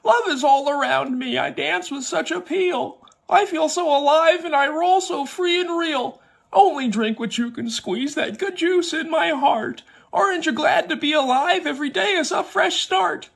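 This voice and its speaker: A sunny, grateful orange she-bear, sung by a man, bounces through rhymes in a very high voice. A gravelly edge sits under the sweetness. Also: moderate pace, a bit bright, full character voice. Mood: cheerful. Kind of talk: sung comic song.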